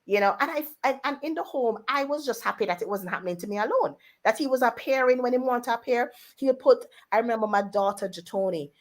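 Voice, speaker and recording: A woman, a radio guest telling a personal story in a lively way and putting on family members' voices in quotes. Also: on the high side, quick pace, hardly any pauses.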